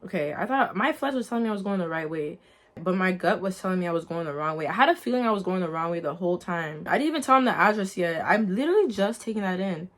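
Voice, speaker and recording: A young woman with a lowish voice talks fast as she shares her personal faith testimony straight to her viewers. Her storytelling is casual, earnest and lively, and she calls her audience "guys."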